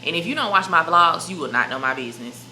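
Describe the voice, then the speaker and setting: A young woman vlogger talks straight to her viewers in a loose, emphatic sit-down chat. Her voice is bright and sits a little low. She is recorded in an echoey room with a faint hiss. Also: expressive, quick pace. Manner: chatty, emphatic, addresses viewers as "y'all" and "baby". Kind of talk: casual sit-down chat to camera.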